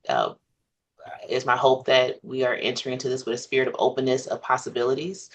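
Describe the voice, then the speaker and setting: A man chairing a commission meeting, speaking in a measured, formal way with many pauses. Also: mid-range voice, fairly even intonation.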